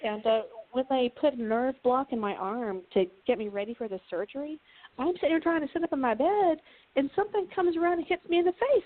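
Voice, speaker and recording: A woman's voice: high-pitched, expressive, brisk. A woman from Texas, a guest author, telling funny personal stories in a casual chat and laughing often. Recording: tinny phone-like line, dry.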